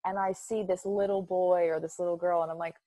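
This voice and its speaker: A woman's voice: on the low side, flat delivery, fairly quick, warm tone, no echo. A woman guest speaking earnestly and emotionally in an interview, often repeating words as she starts a thought. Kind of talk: heartfelt interview talk.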